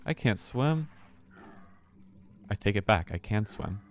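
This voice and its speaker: A man's voice: lowish voice, animated, takes it slowly, slight background noise. A man streaming a horror game, talking to himself with nervous laughs and swearing. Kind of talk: casual let's-play commentary.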